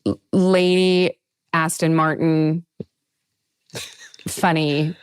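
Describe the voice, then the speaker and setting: A woman hosting a podcast in casual chat, talkative and laughing often with quick asides. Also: low voice, level tone, clean tone, no room sound. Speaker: podcast host.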